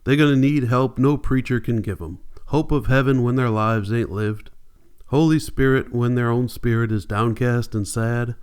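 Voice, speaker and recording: A man's voice: mid-range voice, steady tone, normal speed, a little mellow, clean tone, close to an everyday voice. A man voicing an earnest, thoughtful former preacher who talks in plain rural dialect in an audiobook.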